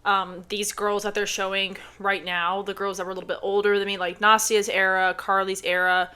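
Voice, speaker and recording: A woman's voice: mid-range voice, fairly quick, clear, resonant tone. A young woman, a former gymnast, giving blunt, sarcastic commentary while reacting to a documentary. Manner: blunt, animated, sarcastic asides.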